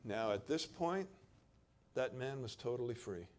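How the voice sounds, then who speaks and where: A man preaching a sermon, reading scripture aloud in a dramatic way and moving between loud stretches and quiet emphasis. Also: medium pitch, lively intonation, measured pace, a little hiss or hum.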